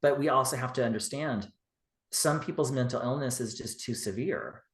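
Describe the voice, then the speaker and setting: A man speaking as a podcast guest in relaxed, rambling conversation, full of "you know" fillers. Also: mid-range voice, moderate pace. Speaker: guest, witchcraft teacher. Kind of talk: casual interview talk. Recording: roomy echo.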